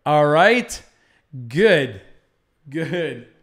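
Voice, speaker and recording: A man teaching an English lesson live, telling a story slowly and expressively. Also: on the high side, big pitch swings, fairly bright tone, reverberant.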